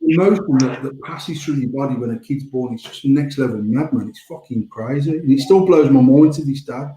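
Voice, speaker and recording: A man's voice: medium pitch, brisk, warm tone, roomy sound, slight background noise, low-quality recording. A British man in his forties telling rambling stories in casual banter, swearing freely. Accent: British English. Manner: rambling storytelling, frequent swearing. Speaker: podcast host.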